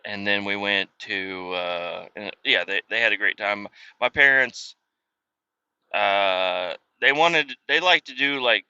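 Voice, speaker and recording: A man in his thirties hosts a podcast with a fairly low, slow voice that is sharp and clean in tone. He tells rambling, profane stories in a casual monologue and acts out what other people said. The recording is dry, with a dull lo-fi sound.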